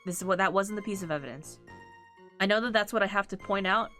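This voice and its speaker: A woman's voice: medium pitch, fast talker, bright, forceful tone, soft background music. A woman streamer playing a courtroom game, reading the characters' lines aloud and breaking off into her own comments. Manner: reads every character line aloud, breaking off with laughs and asides.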